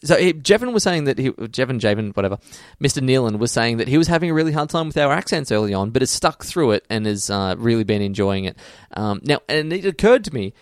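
Australian man joking through podcast shout-outs. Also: mid-range voice, very animated, quick pace, few pauses, no room sound, clean studio sound. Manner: laughing, joking, reading listener shout-outs. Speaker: podcast co-host. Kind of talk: casual podcast chat.

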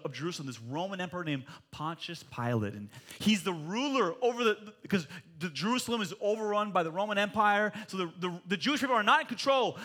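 A man in his forties preaching a sermon in church, animated and jokey, rising to loud emphatic peaks. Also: high-pitched. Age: 40s. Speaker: pastor.

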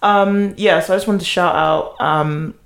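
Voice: mid-range voice, steady tone, a little slow, vocal fry. A young podcast co-host, bubbly and slangy in casual pop-culture chat. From Britain.

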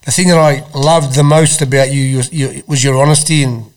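A man's voice: mid-range voice, fairly even intonation, fairly quick. A man in casual podcast chat, earnest and teasing, often restarting his sentences.

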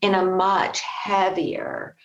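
Gentle woman host, earnest, distant from the mic, dull roomy sound. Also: mid-range voice, flat delivery, slow. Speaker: podcast host. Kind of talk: empathetic interview conversation.

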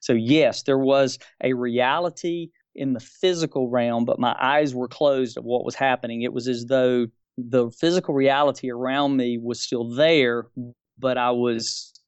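A man's voice: medium pitch, fairly even intonation, unhurried, smooth, dry recording. A man in his fifties telling a personal religious experience as a debate guest, earnest and groping for words. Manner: earnest, searching for words, repeats key phrases.

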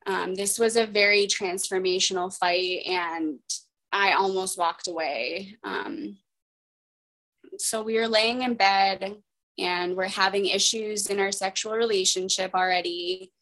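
A woman's voice: a little high, fairly bright tone, poor audio. A woman candidly telling a personal story as a guest, rambling, with many fillers and restarts.

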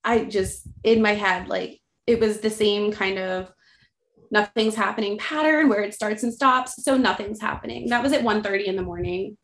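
A woman in her thirties casually telling her birth story as a podcast guest, animated and acting out the voices of others. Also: medium pitch, moderate pace. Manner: animated, acts out quoted voices, frequent likes. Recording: roomy echo.

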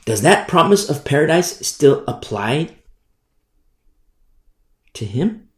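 Animated preacher in an echoey room. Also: male voice, on the high side. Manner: conversational, repeats and restarts phrases, pauses to stress words. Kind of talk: sermon.

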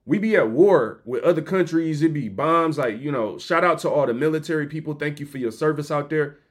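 Animated podcast host, higher voice. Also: male voice, brisk. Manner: animated, joking, slangy, acts out voices. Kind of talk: comedic motivational storytelling.

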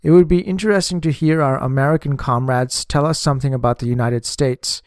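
An argumentative male party official, insistent and quick to grow irritated, as a male audiobook reader puts him on. The voice is mid-pitched, heard in a dry, close recording. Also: steady tone, a little mellow, dry recording, close to an everyday voice. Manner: argumentative, hot-tempered.

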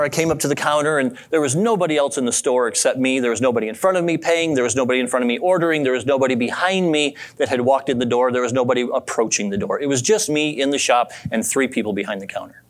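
A man preaching a sermon in a relaxed, conversational way, telling a story and asking his listeners questions. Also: mid-range voice, fast talker. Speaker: pastor.

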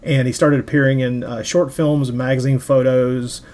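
A man's voice: medium pitch, level tone, moderate pace, a little mellow. A man co-hosting a film podcast, talking casually with many fillers and restarts. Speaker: podcast co-host.

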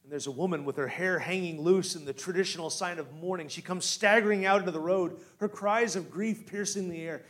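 Male preacher, high voice; quiet storyteller who builds to loud rising appeals and asks the room questions. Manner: swings from hushed storytelling to loud, rising exhortation; guides listeners with direct questions. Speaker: pastor. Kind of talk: sermon.

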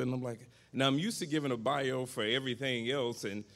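A man's voice: medium pitch, steady tone, fairly quick, fairly bright tone. A man preaching as a guest, talking to the congregation as family in a folksy, self-joking way. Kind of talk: warm church greeting before a sermon.

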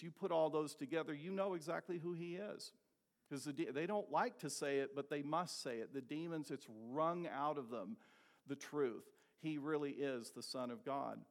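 Gravelly-voiced man preaching emphatically. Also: fairly high pitch. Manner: emphatic, rhetorical questions, slows for stress. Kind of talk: expository sermon.

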